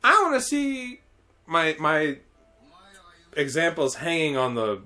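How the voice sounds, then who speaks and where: A man putting on the voice of an angry little boy who whines and shouts. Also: on the high side, sing-song, takes it slowly, full character voice. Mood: whiny. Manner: whiny, shouting. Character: angry bratty little boy, quick temper.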